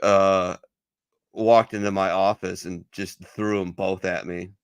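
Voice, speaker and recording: A man's voice: deep voice, takes it slowly, clean tone, no echo. A man telling profane barracks stories in casual chat as a veteran podcast co-host. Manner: profane, storytelling with lively quoted voices.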